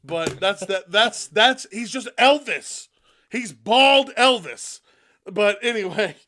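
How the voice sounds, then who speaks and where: A man co-hosting a podcast in casual chat, excitable and profane, with sudden loud outbursts. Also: high voice, slow pace, a little hiss or hum. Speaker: podcast co-host.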